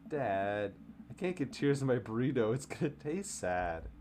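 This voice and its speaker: A man's voice: medium pitch, big pitch swings, unhurried, darkish tone. A man voicing a bubbly, chatty teenage daughter in a video game, with faint background noise. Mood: teary. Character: excitable teenage girl, college-bound daughter.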